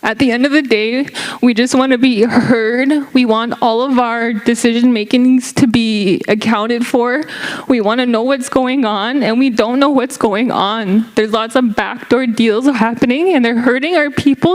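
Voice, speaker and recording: A woman's voice: a little high, steady tone, moderate pace, poor audio. A young woman from Canada speaking up at a community band meeting, earnest and emotional, sometimes searching for her words. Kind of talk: impassioned public address.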